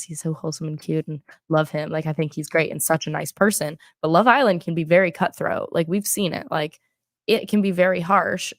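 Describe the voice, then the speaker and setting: A young woman chatting casually as host of a reality show recap, talking fast with lots of fillers. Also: lowish voice, vocal fry, no echo, clean studio sound.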